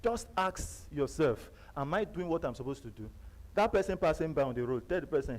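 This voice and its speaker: A man with a Nigerian accent giving a live seminar talk, emphatic and repetitive, jumping between loud bursts and quiet asides. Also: fairly high pitch, animated, fairly quick, rough recording. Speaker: seminar speaker. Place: seminar venue.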